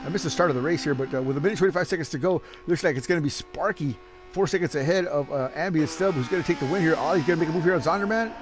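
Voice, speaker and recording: Excitable man commentating a sim race. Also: on the high side, very fast, soft background music. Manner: excitable, joking, laughs often. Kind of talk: casual sim racing commentary. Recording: noisy background.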